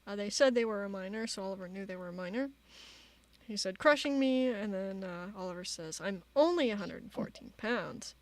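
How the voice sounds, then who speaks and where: A woman streamer giving casual commentary, reading out chat logs in a halting way with many fillers. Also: mid-range voice, no echo. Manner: halting, many fillers, reads quotes flatly.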